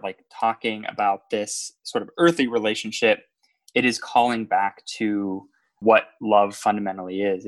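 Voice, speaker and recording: A man co-hosting a casual faith podcast, earnestly explaining ideas in a teaching tone. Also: on the low side. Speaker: podcast co-host.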